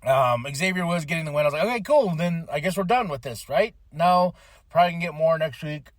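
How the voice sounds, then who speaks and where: A man's voice: fairly high pitch, a little fast, dry recording, studio quality. A man hosting a podcast, casually recapping a wrestling show with opinions and acted-out quotes. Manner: chatty, opinionated, acts out quotes. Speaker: podcast host.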